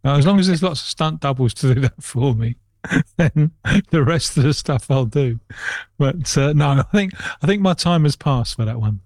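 A man's voice: fairly high pitch, expressive, moderate pace, a little mellow, no room sound, studio quality. Wry man speaking as football pundit. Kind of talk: casual radio chat.

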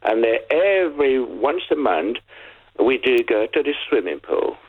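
A caller in their sixties, telling stories in an animated way on a radio phone-in. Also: medium pitch, measured pace, husky. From Nigeria. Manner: animated storytelling. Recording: tinny phone line.

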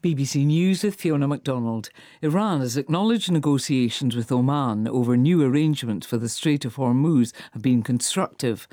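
A man reading a radio news bulletin in a measured, formal way. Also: fairly high pitch, mellow, no echo, clean studio sound. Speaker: newsreader.

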